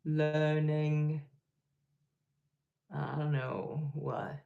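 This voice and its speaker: Slow, gravelly-voiced man chatting on a livestream. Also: fairly high pitch, flat delivery, highs cut off. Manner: rambling, laid-back, laughs at himself. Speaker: livestream host. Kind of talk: casual live chat reading comments.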